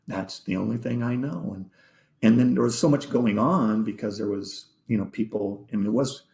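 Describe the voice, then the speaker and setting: Gravelly-voiced man telling a heartfelt story. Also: on the low side, darkish tone. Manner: halting, repeats words, drops to near-whisper. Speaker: podcast guest. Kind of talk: emotional personal storytelling in a podcast interview. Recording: echoey room.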